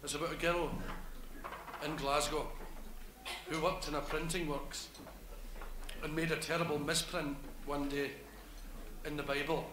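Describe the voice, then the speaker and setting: A man's voice: fairly high pitch, little pitch movement, measured pace, long pauses, background noise. A Glaswegian man doing live stand-up storytelling in a hesitant, wry way, full of local slang. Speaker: comedian. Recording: echoey live room, loud crowd laughter.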